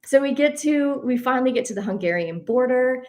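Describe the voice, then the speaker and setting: A woman telling a personal travel story in a casual, animated way. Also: sits high, a little fast. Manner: animated, addresses listeners as y'all. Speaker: host.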